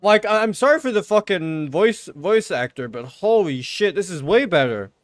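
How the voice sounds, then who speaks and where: Male streamer, casual game commentary, swears a lot, sarcastic, lively pitch, dry close sound. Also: normal speed, dry recording, soft background music.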